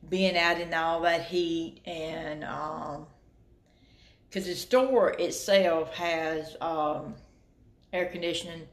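A middle-aged woman with a Southern US accent, chatting casually to her viewers in a thrift-shopping vlog. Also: low voice. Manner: chatty, drawling, addresses viewers as y'all. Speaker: vlogger.

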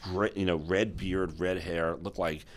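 A middle-aged American, formerly an exchange executive, guests on an interview and tells lively stories, acting out the voices of those he quotes. His low voice is steady in tone and unhurried.

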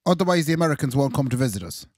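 A man's voice: medium pitch, expressive, very fast, a little mellow, no room sound, clean studio sound. An Irish man co-hosting a podcast, chatting casually with jokey asides. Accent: Irish, west of Ireland. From Ireland. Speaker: podcast co-host. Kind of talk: casual chat.

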